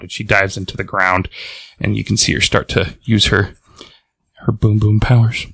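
A man's voice: fairly low pitch, flat delivery, normal speed, creaky, fairly bright tone, slightly rough, dry recording. A man cohosting a podcast, casually recapping a comic plot, rambling with fillers and chuckles.

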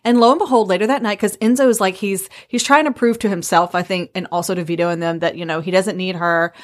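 A woman chatting with a friend as she recaps a story, loose and easygoing. She rambles along with plenty of "like" and "um," her voice at an ordinary middle pitch. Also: quick pace. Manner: relaxed, rambling retelling with many fillers. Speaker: book discussion co-host. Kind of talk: casual chat.

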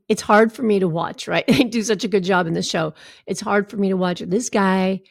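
A woman's voice: mid-range voice, vocal fry, darkish tone, no echo, clean studio sound. A woman hosting her own podcast as a coach, telling personal stories in an earnest way and often checking in with "right?". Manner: earnest storyteller who often asks "right?". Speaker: podcast host and recovery coach.

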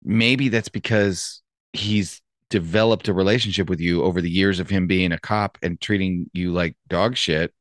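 A man in casual chat, reflective and measured, speaking from his own experience. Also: sits low, fairly even intonation, a bit bright, no room sound, clean studio sound.

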